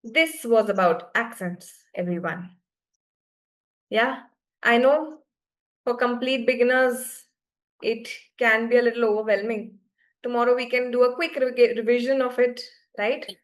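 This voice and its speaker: Higher-voiced woman teaching a class. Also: measured pace. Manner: checks understanding often, patient explaining. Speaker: French teacher.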